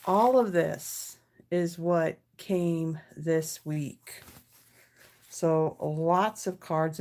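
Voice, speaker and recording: A woman's voice: low-pitched, darkish tone. A woman hosting a live card-making stream, chatting casually with viewers and talking them through her table as she tidies up. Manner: chatty, thanks viewers by name, talks while tidying her desk. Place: home craft studio.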